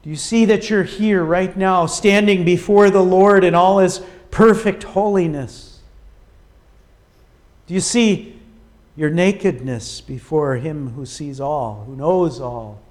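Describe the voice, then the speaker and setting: A man preaching a sermon, emphatic and dramatic, often dropping to a quiet, low delivery for weight. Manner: slow, emphatic preaching with dramatic drops in volume.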